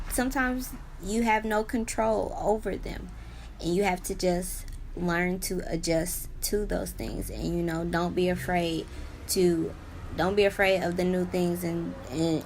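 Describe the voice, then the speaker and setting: A young woman speaks in a low, fairly level voice, sharing her experience in an unscripted personal vlog. She rambles earnestly, leaning on "you know" and "like" as she goes. Her delivery stays plain and conversational. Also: slight background noise. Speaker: vlogger sharing her own illness.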